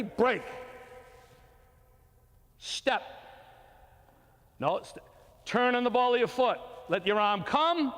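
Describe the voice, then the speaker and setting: Older coach, lively high voice, echoing hall. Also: male voice. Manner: encouraging, giving short repeated commands. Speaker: youth baseball coach. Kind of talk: coaching a throwing drill. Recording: long reverb from a hall.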